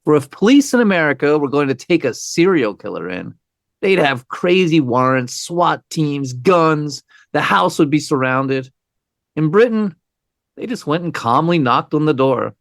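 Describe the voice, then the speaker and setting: A man's voice: a little high, very animated, a little slow, vocal fry, no echo, studio quality. A man co-hosting a true-crime podcast, telling the story with wry, conversational asides. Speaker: podcast co-host.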